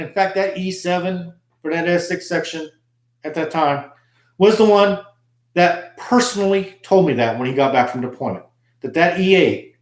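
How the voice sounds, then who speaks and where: A man's voice: high-pitched, reverberant. A man who served in the army, telling a story in an aggrieved, emphatic monologue. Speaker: army veteran vlogger. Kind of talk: casual monologue.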